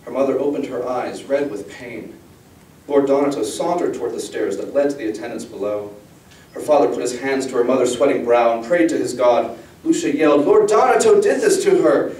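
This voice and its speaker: A man, the author, giving an expressive, measured reading of his fantasy novel. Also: medium pitch, recorded from a distance. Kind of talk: dramatic fantasy book reading. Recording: echoey room, voice from the mic.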